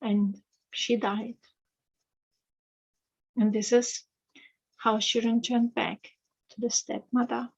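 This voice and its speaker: A woman telling a fairy tale aloud, slowly and hesitantly, with many fillers. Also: a little high, flat delivery, gravelly, breathy edge, dull audio. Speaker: author and storyteller.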